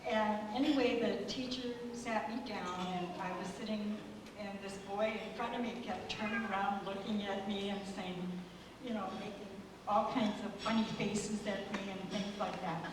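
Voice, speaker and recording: An older woman in her seventies from the United States, softly telling a story in a speech at an anniversary party, recorded from far off in a large hall. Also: medium pitch, steady tone, moderate pace. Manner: soft-spoken, chatty, with restarts. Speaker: guest giving a speech. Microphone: far room microphone. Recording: echoey hall from far off, noisy.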